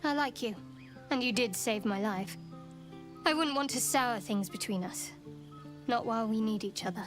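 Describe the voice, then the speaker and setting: An actress voicing a guarded, cool young woman companion who speaks in a measured way. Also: a little high, close to an everyday voice. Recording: game audio with music behind.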